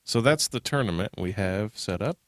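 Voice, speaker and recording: A man's voice: lowish voice, animated, normal speed. A man hosting a casual gaming podcast chat, eager and steering the talk along. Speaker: podcast host.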